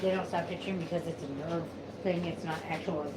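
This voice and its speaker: A woman's voice: fairly low pitch, fairly even intonation, fairly quick, noisy background. A woman rambling casually at home while doing chores, chatty and venting, swearing freely. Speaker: vlogger. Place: at home, sweeping.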